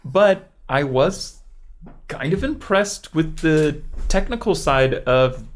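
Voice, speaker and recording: A man's voice: on the high side, animated, slow. A young man co-hosting a casual movie review podcast, rambling with lots of fillers and hedges. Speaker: podcast co-host.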